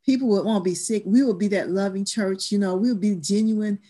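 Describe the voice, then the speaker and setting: A woman's voice: medium pitch, fairly even intonation, normal speed, warm tone. A woman who leads church stewardship, talking earnestly and emphatically in a church discussion class.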